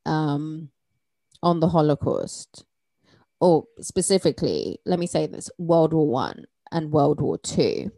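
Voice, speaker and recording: Low, lively woman, emphatic podcast co-host. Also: slow pace, dry recording, studio quality. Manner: emphatic, rising to forceful peaks. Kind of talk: casual chat.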